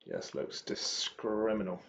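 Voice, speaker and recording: A man's voice: on the low side, wildly swooping pitch, slow, vocal fry, a bit bright, slightly rough. A young man streaming his live trading, thinking aloud with muttered, chatty asides, in a dull lo-fi recording. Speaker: day trader streaming live.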